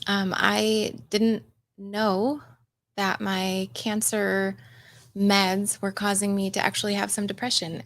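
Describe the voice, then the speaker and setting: A woman's voice: medium pitch, creaky, a bit bright. A middle-aged woman hosting a casual livestream from home, chatting with viewers with lots of ums and laughs. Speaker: coach and livestream host.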